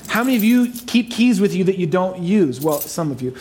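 A pastor delivers a sermon in a high, light male voice. He preaches with animated emphasis and slips in playful, joking asides to the congregation. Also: brisk, background noise.

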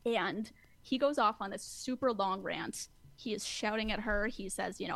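A woman hosting a casual recap chat, lively, acting out quotes and laughing often. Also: mid-range voice, normal speed, creaky. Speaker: podcast host recapping a show.

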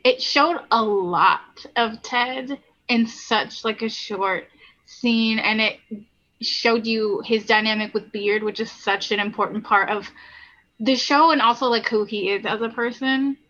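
A woman's voice: a little high, steady tone, takes it slowly, sharp tone, dull audio. A woman talking casually and enthusiastically as a podcast guest, with many fillers. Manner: enthusiastic, lots of likes. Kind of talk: casual chat.

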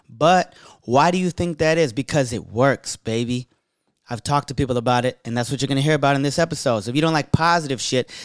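A man's voice: medium pitch, clear, resonant tone, dry recording, studio quality. A young adult man hosting a podcast, talking in an upbeat, hyped way and swearing freely. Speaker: podcast host. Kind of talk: casual podcast intro.

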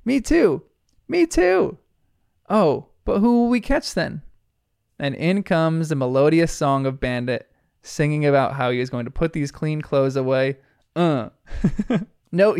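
A man's voice: on the high side, clean tone, no room sound, clean studio sound. A man giving an earnest, reflective episode recap commentary as a show reviewer. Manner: earnest, reflective retelling with soft laughs.

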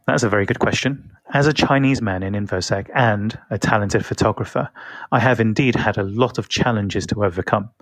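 A man's voice: fairly low pitch, brisk, no echo. A man giving a comic monologue as a guest, switching between his own English voice and a put-on accent. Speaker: guest interviewee. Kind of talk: recorded comedic monologue.

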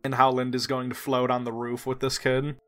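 Bright-voiced, laughing tabletop player. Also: male voice, medium pitch, brisk, soft background music. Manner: laughing, animated. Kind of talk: tabletop role-play.

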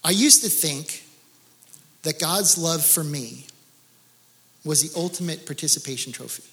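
A middle-aged male pastor preaching a sermon with animated, joking storytelling. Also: a little high, a little slow. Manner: animated storytelling with laughs and exclamations.

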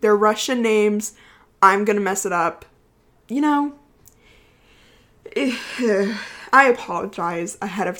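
A woman's voice: medium pitch, fairly bright tone. A young woman of about twenty hosts her own podcast in a loose, chatty way. She rambles off topic and keeps breaking into giggles as she talks. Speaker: podcast host. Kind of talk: casual chat.

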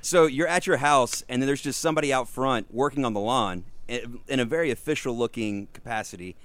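A man co-hosting a casual podcast, telling an animated story and laughing through it. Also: mid-range voice, brisk, dry recording. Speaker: podcast co-host. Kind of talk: casual chat.

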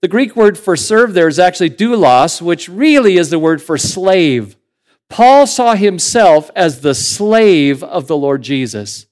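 A man preaching a sermon as pastor in a conversational, animated way, building to emphatic points. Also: high-pitched, a little slow.

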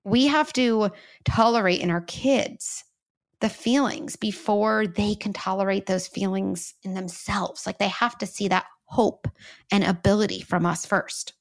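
A woman's voice: mid-range voice, unhurried. A woman guest explaining parenting ideas in an earnest, conversational way, with frequent "like" and "you know". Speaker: guest, parenting expert and author. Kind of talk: conversational interview.

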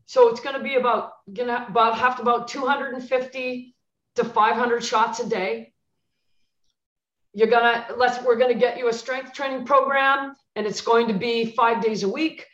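In a podcast chat, a woman who moved from coaching basketball to coaching clients tells stories with animation, acting out what people said and repeating it for emphasis. She has a fairly high voice at a moderate pace, recorded in a roomy, muffled way.

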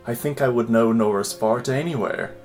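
Brief: a lusty early-1900s British man writing a love letter, slow and lingering, mid-pitched, as a man reads it aloud, with music faint behind. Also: darkish tone, natural voice. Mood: lustful. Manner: slow, lingering dramatic reading. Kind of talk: dramatic reading of a letter.

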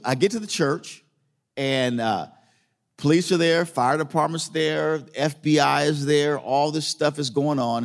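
A man's voice: mid-range voice, long reverb tail. A man preaching a sermon as a pastor, telling a story in a conversational way and repeating phrases for emphasis.

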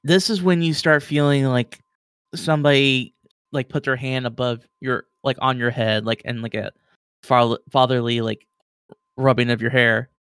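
Give me a man running a tabletop game who narrates loosely and fills the gaps with "like" and "um." His voice is clear and smooth. It is recorded dry and close. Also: mid-range voice, fairly even intonation, moderate pace, fairly bright tone, no room sound. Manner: casual, filler-heavy, lots of "like". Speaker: game master.

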